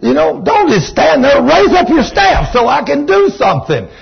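A man's voice: very high-pitched, wildly swooping pitch, moderate pace, vocal fry, dull audio, soft background music, voice pushed up, full character voice. A Texan man preaching puts on the voice of Moses, frantic and complaining to God. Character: panicked Moses pleading with God.

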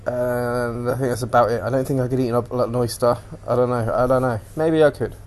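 Casual male podcaster, rambling and sweary, average pitch. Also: a little fast. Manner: rambling, sweary, animated retelling. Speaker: podcast host. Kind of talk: casual solo chat.

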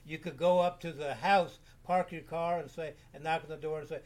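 A man in his seventies, an interview guest, telling rambling caving anecdotes in a relaxed, casual way with frequent restarts. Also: a little high, a little fast. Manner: rambling, self-repeating anecdotes. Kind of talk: casual storytelling.

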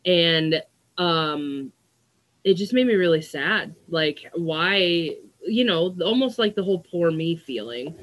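A woman's voice: on the low side, lively intonation, slow pace, a little hiss or hum. A young adult woman talking in a casual diary-style vlog monologue, rambling with lots of "like" and "um". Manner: rambling, with frequent "like" and "um" fillers. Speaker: vlogger.

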